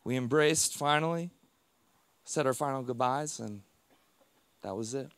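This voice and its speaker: A man giving a personal storytelling talk on stage to a live audience, speaking in a heartfelt way in short, halting phrases. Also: medium pitch, a bit bright, clear, resonant tone, dry recording.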